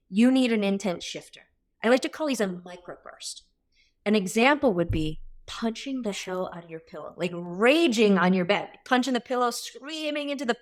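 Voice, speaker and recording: An energetic woman coach in her thirties talks straight at the listener in a casual workshop style. She is blunt and swears freely, and her voice sits at a middle pitch for a woman.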